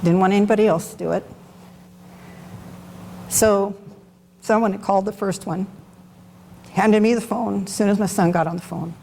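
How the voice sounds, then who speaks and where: At a Bible study, a middle-aged woman talks through her personal testimony candidly and unscripted, in a conversational tone. Her medium-pitched voice is steady and darkish with vocal fry, moving at a moderate pace and pausing often. Long hall reverb and faint background noise fill the recording.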